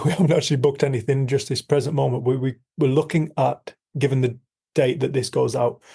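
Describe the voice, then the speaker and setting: A man's voice: mid-range voice, creaky, mellow, husky. A middle-aged man, a coach, talking candidly in an interview, earnest and frank, repeating himself and swearing now and then. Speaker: coach and podcast guest. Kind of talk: candid storytelling conversation.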